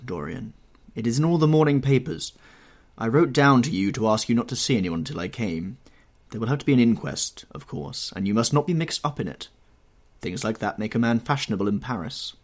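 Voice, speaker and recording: In an audiobook reading, a man voices a worldly, cynical English aristocratic gentleman, giving him an urbane, offhand manner. His voice is mid-range with a husky tone.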